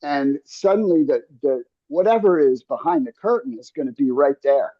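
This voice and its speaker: A man's voice: fairly high pitch, expressive, moderate pace, no echo, lo-fi sound. Earnest man coaching in a dry room. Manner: earnest, coaching tone with frequent restarts and "right?". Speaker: podcast host. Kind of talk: casual podcast conversation.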